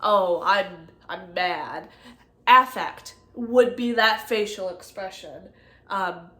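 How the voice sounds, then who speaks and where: A young woman going over nursing study notes in a halting, casual way, full of ums and likes. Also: medium pitch, a bit bright. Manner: halting, many ums and likes, self-correcting. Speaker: nursing student presenter. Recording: echoey room.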